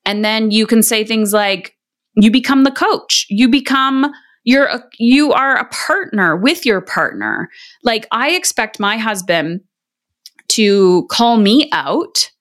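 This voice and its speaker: A woman's voice: a little high, animated, slow, fairly bright tone. A woman hosting a parenting podcast, giving earnest, conversational advice and acting out what people say. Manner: earnest, conversational, acts out quoted lines. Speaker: podcast host and parenting coach. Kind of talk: casual advice talk.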